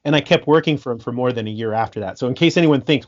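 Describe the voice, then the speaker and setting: A man telling stories in a casual podcast interview, animated, laughing often and restarting his sentences. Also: mid-range voice, quick pace, highs cut off. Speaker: guest musician and sound engineer.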